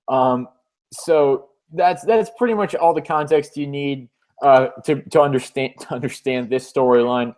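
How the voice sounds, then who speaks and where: A man's voice: mid-range voice, measured pace, darkish tone. Hesitant man hosting a comic podcast. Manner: hesitant, many uhs, laughs often. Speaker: comic book podcast host. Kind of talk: casual podcast chat.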